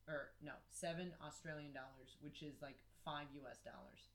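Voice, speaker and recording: A woman's voice: low voice, fairly even intonation, moderate pace, hardly any pauses, a bit bright. Candid rambling woman podcaster. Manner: candid, rambling, self-deprecating. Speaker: podcast co-host. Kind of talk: casual comedic chat.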